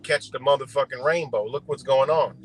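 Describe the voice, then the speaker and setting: A man's voice: medium pitch, fairly quick, low-quality recording. A man doing a rambling, profane political rant on a livestream, talking outdoors beside a road. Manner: heated, rambling, heavy swearing. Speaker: livestream host.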